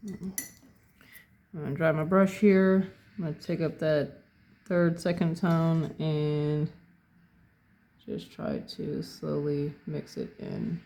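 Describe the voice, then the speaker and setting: Gravelly mellow voice, painting tutorial, slow and thinking out loud. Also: medium pitch, very animated. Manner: unhurried, thinking aloud step by step. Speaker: painting instructor.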